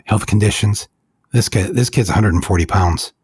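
A man giving impassioned, angry commentary with a husky voice. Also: on the low side, moderate pace, darkish tone, no echo. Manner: angry, emotional, accusatory.

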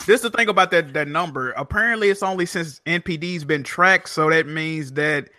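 A man chatting casually about video games on a podcast, animated and swearing freely. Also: on the high side, a little fast. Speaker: podcast co-host. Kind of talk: casual gaming chat.

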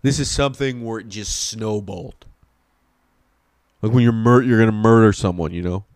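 A young adult man, a podcast host, telling a rambling, profane and excitable comic story in a casual way. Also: fairly low pitch, normal speed, dry recording, studio quality.

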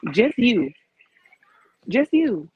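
A woman's voice: a little high, very animated, drawn-out words, muffled recording, slight background noise. A woman arguing bluntly in a casual livestream chat over a video call, cursing now and then. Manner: blunt, forceful, curses. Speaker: co-host of a reality TV review livestream. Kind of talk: heated casual debate.

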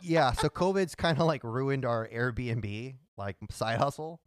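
A man's voice: medium pitch, measured pace, no echo, studio quality. A man co-hosting a podcast, telling an anecdote in a laid-back way and acting out the quotes. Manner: laid-back storyteller who acts out quotes. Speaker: podcast co-host. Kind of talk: casual chat.

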